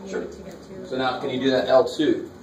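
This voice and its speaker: A man's voice: mid-range voice, moderate pace, crowd noise. A man teaching a college math lecture, casually walking students through calculator steps with slangy asides. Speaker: math instructor. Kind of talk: classroom lecture. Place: college classroom. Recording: echoey classroom, mic far off, faint noise.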